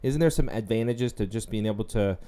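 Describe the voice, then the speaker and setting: A man's voice: on the low side, a little fast, dark tone. A man hosting a podcast interview, asking questions and chiming in often to agree with the guest. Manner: affirming, chatty interjections. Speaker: podcast host. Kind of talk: casual interview.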